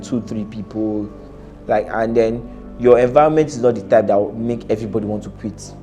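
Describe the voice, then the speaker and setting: A man's voice: fairly low pitch, warm tone. A man giving casual, blunt reaction-video commentary as an employer, laughing often and repeating himself.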